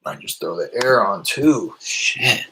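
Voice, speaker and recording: A man casually explaining how he makes cold calls, in a loose, rambling way with many fillers, from a small warm room. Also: lowish voice, sing-song, slow, background noise. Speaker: real estate wholesaler teaching cold calling. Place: small hot indoor room.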